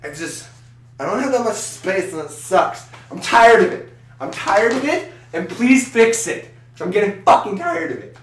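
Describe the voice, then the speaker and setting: Excitable swearing man in an echoey room. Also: sits high, normal speed, recorded from a distance. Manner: loud, swearing, excitable rants. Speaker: podcast co-host. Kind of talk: casual profane ranting chat. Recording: echoey room, off-mic, faint noise.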